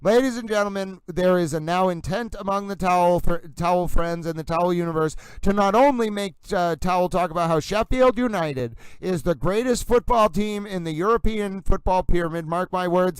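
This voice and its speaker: A man hosts a live stream, shouting out chat names with playful, theatrical flourishes. His voice is very smooth and clear, sitting a little high, and the sound is close and dry with no room around it. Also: brisk, few pauses, no room sound, low-quality recording. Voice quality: playful, theatrical, calls himself towel. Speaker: livestream host.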